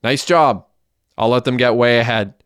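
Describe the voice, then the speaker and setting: A man's voice: on the low side, fast, smooth, no room sound, clean studio sound, natural voice. A man reading the lines of a young getaway driver in an audiobook, terse and swearing under pressure. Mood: tense.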